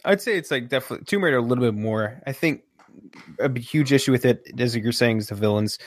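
A man co-hosting a casual movie chat, ranting in an animated way and swearing often. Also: mid-range voice, fast talker, no room sound. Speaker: podcast co-host.

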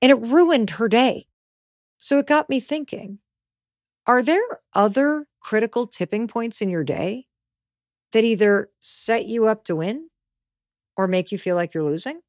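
Animated woman hosting a motivational podcast. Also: on the high side, measured pace, pauses often, dry recording, clean studio sound. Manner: emphatic, animated storytelling with stressed key words. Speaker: podcast host.

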